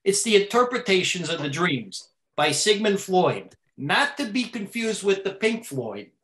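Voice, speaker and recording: A man's voice: high-pitched, very animated, measured pace, a bit bright, heavily acted. A man playing a brash, rambling tough-guy co-host with a mobster swagger. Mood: boastful. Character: brash rambling male mob-style co-host. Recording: roomy echo.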